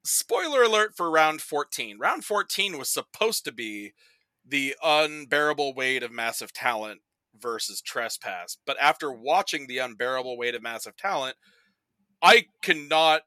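Bright-voiced man rambling animatedly. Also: medium pitch, no room sound. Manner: animated and rambling, heavy use of "like", quoting people in quick put-on voices. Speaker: podcast guest presenting a movie bracket. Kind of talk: casual podcast chat.

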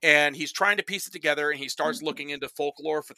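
A man's voice: fairly high pitch, fast, pushed and bright, no echo. A man on a casual podcast, recapping movies in a rambling, profane way, full of "like" and acted-out quotes. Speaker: podcast guest reviewing movies.

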